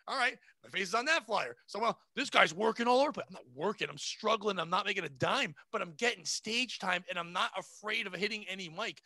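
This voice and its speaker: A man's voice: sits high, fast talker, bright, forceful tone, no echo. A man in his forties, a comedian guest telling profane, brash stories in a casual podcast chat. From New England. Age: 40s.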